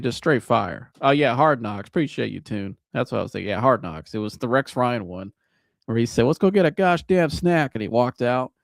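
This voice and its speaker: A man hosting a live sports reaction show, talking in an animated, casual, joking way with some swearing. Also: mid-range voice, gravelly, no echo, studio quality. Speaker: sports podcast host.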